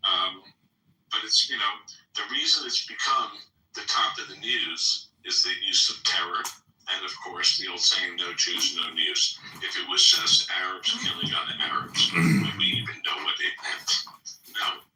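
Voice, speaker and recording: A man arguing his point in a heated online debate and quick to object. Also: low voice, sharp tone. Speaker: debate panelist. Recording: echoey, distant mic with faint noise.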